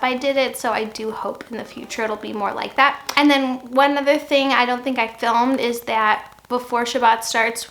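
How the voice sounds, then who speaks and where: Thirtysomething mom vlogging at home, chatty, kinda high voice, lots of um and like. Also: female voice, gravelly, fairly bright tone, slight background noise, low-quality recording. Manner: chatty and upbeat, laughing, with fillers like "um" and "like". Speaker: vlogger and mother. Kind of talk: casual home vlog. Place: home, at a family dinner table and then in a quiet office.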